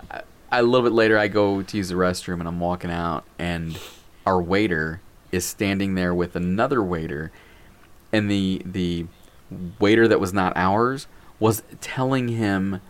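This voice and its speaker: Laid-back man telling a story. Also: deep voice. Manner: animated, acts out quotes, laughs while telling. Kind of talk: casual storytelling.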